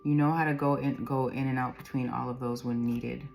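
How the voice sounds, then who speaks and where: Woman, tarot reader, very low pitch, rambling intuitive delivery, frequent laughter. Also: flat delivery, fairly quick, gravelly, music in the background. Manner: rambling, laughs often, reads card meanings aloud.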